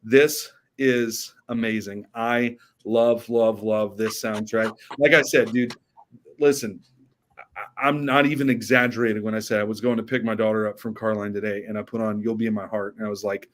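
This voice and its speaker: A man's voice: fairly low pitch, steady tone, moderate pace. A young man and girl dad chatting enthusiastically on a podcast, now and then breaking into bits of song. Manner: enthusiastic, sings snatches of songs. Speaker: podcast co-host. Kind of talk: casual podcast chat.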